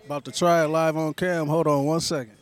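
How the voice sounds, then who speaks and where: A man's voice: a little high, steady tone, fairly quick. A man vlogging food reviews at an outdoor market, hyped and slangy, calling everyone man. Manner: hyped slangy chatter, says man a lot. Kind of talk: casual food review vlog.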